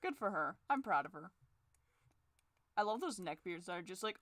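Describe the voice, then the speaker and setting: A young woman chatting casually while she draws, sarcastic, swearing freely, and jumping into shrill forced cheer. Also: sing-song, unhurried, sharp tone, no echo, clean studio sound. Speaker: drawing vlogger. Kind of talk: casual chat while drawing.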